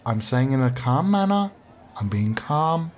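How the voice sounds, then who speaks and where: A man improvising a comedy sketch, talking in a blustering, sweary, mock-calm way. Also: mid-range voice, unhurried, slight background noise. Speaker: comedy podcast host.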